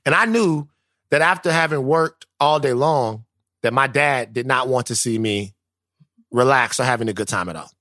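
A man's voice: mid-range voice, normal speed, pushed and bright, no room sound, studio quality. A man, co-hosting a podcast in casual, profane, joking banter. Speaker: podcast co-host.

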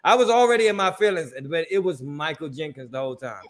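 Guy on a sports podcast telling a funny story, gets loud and high when he quotes himself, casual chat. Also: big pitch swings, fast talker. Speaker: podcast co-host.

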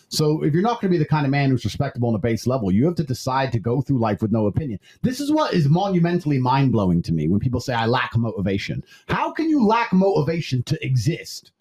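A man's voice: medium pitch, very animated, quick pace, a little mellow, slightly rough. A man co-hosting a livestream, delivering an intense, preachy motivational rant with swearing. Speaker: livestream co-host.

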